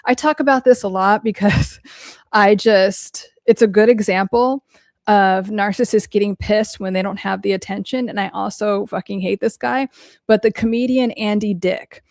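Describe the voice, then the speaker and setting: Woman podcast host, mental health coach, raspy fry in her voice, super dry mic, blunt and sweary. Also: medium pitch, moderate pace, no echo. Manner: blunt, swears freely, many fillers; animated storytelling. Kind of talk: casual solo talk answering questions.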